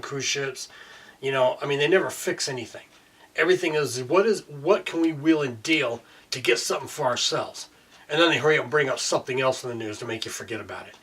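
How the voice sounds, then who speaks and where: A man's voice: medium pitch, fairly bright tone, husky. A man delivering a heated, profane rant to camera, peppered with "you know" fillers. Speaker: video blogger. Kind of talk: angry ranting monologue. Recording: voice distant from the mic.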